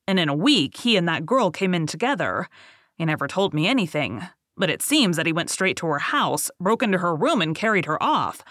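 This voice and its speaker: A reader voicing a weary, bitter older male boatman who tells a grave tale in a steady storytelling voice. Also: medium pitch, dry recording, studio quality, close to an everyday voice. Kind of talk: audiobook reading.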